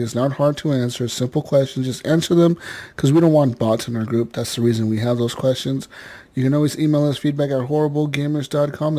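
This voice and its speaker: A man's voice: a little high, warm tone. A man hosting a gaming podcast in casual chat, joking, laughing often and swearing freely. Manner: laughing, swearing, loose and jokey. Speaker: podcast host.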